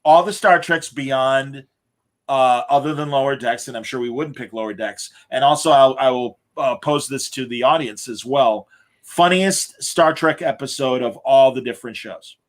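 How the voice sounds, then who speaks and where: A man hosting a podcast who gives rambling, opinionated and animated reviews in casual chat. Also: mid-range voice, normal speed. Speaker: podcast host.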